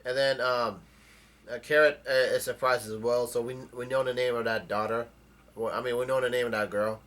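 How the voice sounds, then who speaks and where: A man giving a casual, halting recap of a comic chapter, often restarting his sentences as he retells scenes. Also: medium pitch, steady tone, fairly bright tone. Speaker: manga chapter reviewer.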